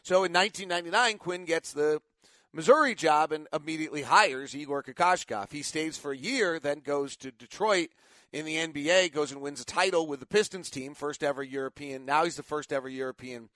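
A tired middle-aged man runs a casual sports talk show, rambling through his stories and stopping to correct himself. His voice sits a little higher than most men's. The recording is dry, with no room sound. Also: brisk, fairly bright tone, dry recording. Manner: rambling storyteller, frequent self-corrections. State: tired after little sleep.

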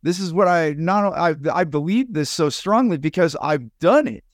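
A man's voice: on the high side, expressive, moderate pace, no echo, clean studio sound. A man co-hosting a podcast, chatting casually and acting out his own past remarks as he tells stories. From United States. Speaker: podcast co-host.

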